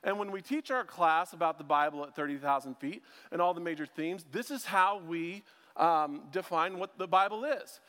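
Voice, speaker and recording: A man with a fairly high voice preaching to a church, talking casually and breaking in with jokes at his own expense. His voice rings out with a long reverb off the big sanctuary walls. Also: moderate pace, fairly bright tone, smooth. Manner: joking, chatty, self-deprecating asides. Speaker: preacher and ministry school teacher. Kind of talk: casual conversational sermon.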